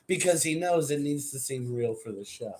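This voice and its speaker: A man's voice: medium pitch, lively intonation, moderate pace, a little mellow. A man running a tabletop game, casually prompting players through a recap. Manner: laid-back, prompting and teasing. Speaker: game master.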